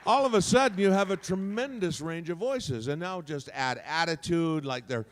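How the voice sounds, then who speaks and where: A man on a convention panel explaining voice acting, animated and showing off different voices as he talks. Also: on the high side, moderate pace, few pauses. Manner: animated, demonstrates voices by moving resonance around. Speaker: voice actor panelist. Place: convention hall. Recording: long hall reverb.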